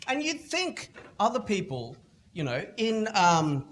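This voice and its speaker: Animated Australian man telling stories on stage. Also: high voice, slow. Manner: animated storytelling, acting out other people's lines. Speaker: motivational speaker. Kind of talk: keynote talk at a school festival. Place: school event stage.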